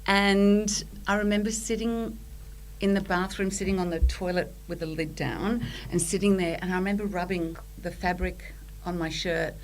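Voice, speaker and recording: Guest spot: Australian woman, middle-aged, animated storyteller, slightly low pitch. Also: moderate pace, slight background noise, low-quality recording. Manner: animated storyteller who acts out quotes. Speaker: podcast guest. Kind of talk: storytelling in casual chat.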